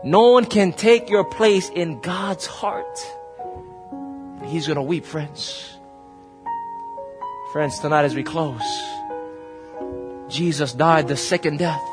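Preacher man with a high voice, dramatic and emphatic, soft music behind. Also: slow, long pauses. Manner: emphatic and dramatic, repeatedly addresses the audience as "friends". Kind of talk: sermon.

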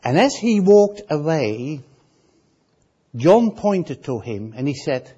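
A man preaching with a Dutch accent, his voice pitched high for a man and rising and falling a great deal. He delivers the sermon at an unhurried pace, moving from loud, stressed phrases to hushed asides. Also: sing-song, slightly rough. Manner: dramatic swings between loud emphasis and soft asides.

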